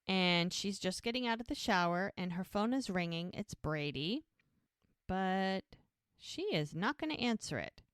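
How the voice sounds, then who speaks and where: A woman co-hosting a podcast, casually recapping a TV episode in an animated, chatty retelling. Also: mid-range voice, unhurried, clear, resonant tone, no room sound, studio quality. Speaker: podcast co-host.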